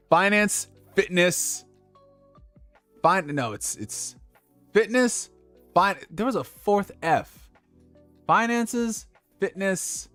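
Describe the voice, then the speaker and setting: A man's voice: high voice, expressive, very slow, pauses often, fairly bright tone, faint music behind. A young man hosting a casual livestream, giving dating advice in a loose, profane way and laughing at his own slips. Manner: talks directly to viewers with slang.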